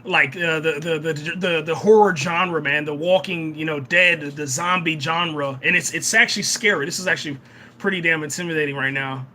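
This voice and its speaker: A young man hosting a live reaction and review of a TV episode, excitable, often repeating himself and tacking "man" onto his sentences. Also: on the high side, moderate pace. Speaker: reaction channel host.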